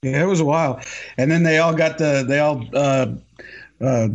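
A man's voice: fairly high pitch, fairly even intonation, moderate pace, highs cut off. A man hosting a casual interview, asking loose, rambling questions full of ums and uhs. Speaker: podcast host, interviewer.

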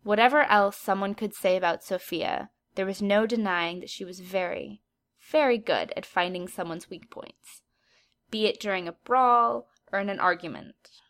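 A woman's voice: medium pitch, normal speed, fairly bright tone. Woman narrating a story aloud.

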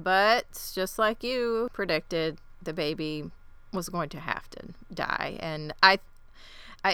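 Crisp, dry-voiced woman co-host. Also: lowish voice, bright, forceful tone, dry recording. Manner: reactive, thoughtful, trailing off with sighs. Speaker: podcast co-host. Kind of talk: casual recap chat.

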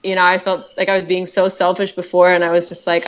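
A woman's voice: fairly low pitch, monotone, fast, lo-fi sound. A woman telling her own story as a podcast guest, chatty and heartfelt, with many fillers and restarts. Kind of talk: personal storytelling.

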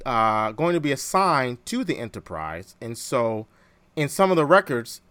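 A man hosts a casual podcast chat. His voice jumps around in pitch and has a bright, forward edge. He sounds animated and playful, and the recording is dry and close. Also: dry recording. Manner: animated, jokey, quotes lines from films. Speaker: podcast host.

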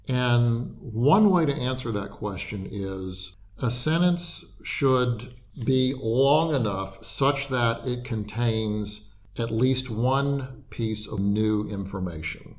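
A man with an ordinary, middle-pitched voice explains his points patiently and methodically. He rephrases as he goes and stops now and then to restart a thought. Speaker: writing expert guest. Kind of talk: explanatory interview talk.

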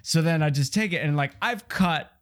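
A man's voice: fairly high pitch, moderate pace. A young man co-hosting a casual chat show, telling stories in a dry, wry way. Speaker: podcast co-host, bartender. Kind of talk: casual banter, storytelling.

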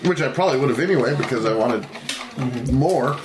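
A man's voice: medium pitch, animated, fairly quick. A man playing a tabletop game, thinking aloud and unsure. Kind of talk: casual game chat. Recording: roomy with faint noise.

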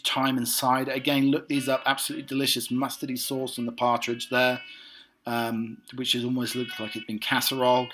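A man hosting a casual segment, reading out lists haltingly with many ums and uhs. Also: mid-range voice, fairly bright tone. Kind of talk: casual read-through of lists.

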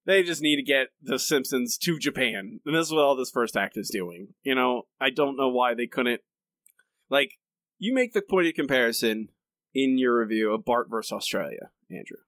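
A man co-hosting a podcast, talking in a rambling, halting way with frequent laughs. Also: medium pitch, expressive, fairly bright tone, no room sound, clean studio sound. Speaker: podcast co-host. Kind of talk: casual chat.

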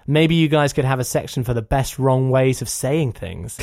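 A man's voice: mid-range voice, normal speed, gravelly, dry recording, studio quality. A man co-hosting a podcast in casual chat, reading out listener emails and laughing often. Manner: animated, laughs often, reads emails aloud.

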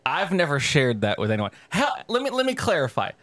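A young man co-hosting a podcast, telling a story in casual, profane chat with sudden pitch jumps. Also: huge pitch swings, a little fast, a bit bright, dry recording. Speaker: podcast co-host.

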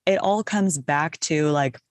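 A young woman with a low voice chats loosely, piling up fillers as she thinks aloud. The sound is dry and close, recorded in a small closet. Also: unhurried, no room sound. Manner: rambling, says "like" often, laughs easily. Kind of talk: casual conversation.

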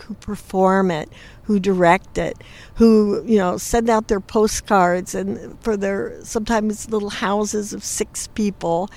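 A woman in a reflective conversation, emotional and halting, her voice catching as she searches for words. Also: mid-range voice, darkish tone. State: teary. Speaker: interviewee, arts lover.

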